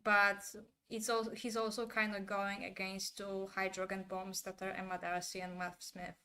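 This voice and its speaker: A woman giving her candid opinions in a casual monologue, turning animated when she imitates actors' delivery. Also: mid-range voice, moderate pace. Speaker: commentator.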